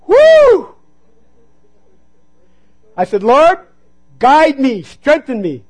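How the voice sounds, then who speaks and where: A man preaching a sermon, telling a personal story and calling out to the congregation, sometimes dropping to a hush for emphasis. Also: very high-pitched, lively intonation, unhurried, low-quality recording. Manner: storytelling, call-and-response "Amen?".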